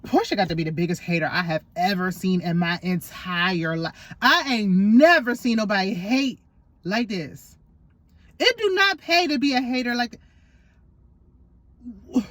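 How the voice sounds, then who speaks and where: A woman's voice: fairly high pitch, moderate pace, fairly bright tone, no echo. A woman hosting a casual, opinionated reality TV recap, sassy and gossipy with lots of slang.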